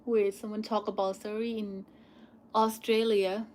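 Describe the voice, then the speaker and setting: A young Thai woman with a Thai accent, Thai as her first language, hosting a live question-and-answer stream in a loose chatty way with many "like" and "um" pauses. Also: medium pitch, level tone, darkish tone, a little hiss or hum. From Thailand. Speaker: channel host answering viewer questions.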